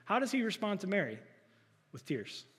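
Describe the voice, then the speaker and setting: A man's voice: high-pitched, sing-song, moderate pace, a bit bright, long reverb tail. A man preaching a sermon, talking to the congregation in a conversational way with rhetorical questions. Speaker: pastor.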